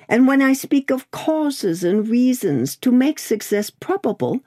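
Woman doing an older male bank clerk, fussy and mild, precise, swooping pitch, audiobook voice. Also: mellow, breathy edge, heavily acted. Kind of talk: audiobook character voice.

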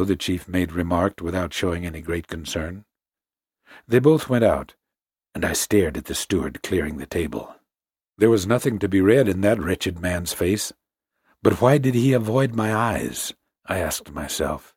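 A man narrating a story in the first person, measured and tense. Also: deep voice, animated, a little mellow, slightly rough, no room sound, clean studio sound. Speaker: audiobook narrator.

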